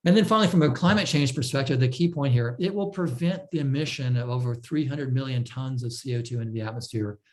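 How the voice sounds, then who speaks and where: A man presenting a technical talk, explaining step by step in a measured way with frequent fillers and restarts. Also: mid-range voice. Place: online talk.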